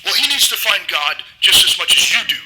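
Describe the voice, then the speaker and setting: A man's voice: sits high, very animated, brisk. A man playing a preachy Bible-thumping caller. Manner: preachy, lecturing. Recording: echoey with loud background noise.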